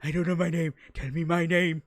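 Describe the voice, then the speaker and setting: A man's voice: a little high, level tone, brisk, dry recording, studio quality, natural voice. A man putting on the voice of a confused, forgetful old man.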